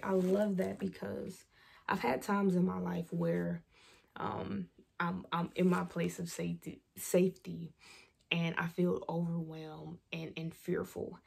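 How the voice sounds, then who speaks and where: A woman's voice: lowish voice, flat delivery, unhurried, creaky, darkish tone, breathy edge. A woman vlog host giving an earnest devotional talk, reading scripture aloud and reflecting on it through personal testimony.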